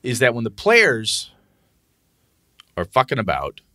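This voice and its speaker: Animated, foul-mouthed male podcast host. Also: medium pitch, measured pace, dry recording, studio quality. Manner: animated, profane, acts out what he says to players. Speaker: podcast co-host and game master. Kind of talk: casual podcast chat.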